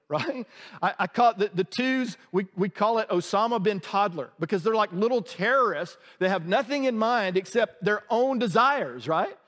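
A man's voice: high voice, animated, normal speed, a bit bright, long reverb tail. A male pastor preaching a sermon in a church, conversational and humorous, often asking the congregation questions. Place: church sanctuary.

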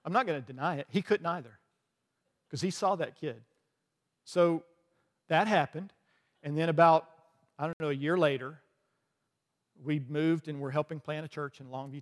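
A man's voice: a little high, long reverb tail. A man preaching from a platform, telling a dramatic story with quoted dialogue and joking asides. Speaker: pastor. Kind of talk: sermon.

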